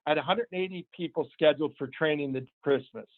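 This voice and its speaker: A man, a sales division manager, telling an emphatic, animated motivational story to his team. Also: a little high, quick pace, no room sound. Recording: tinny phone-line sound, dry.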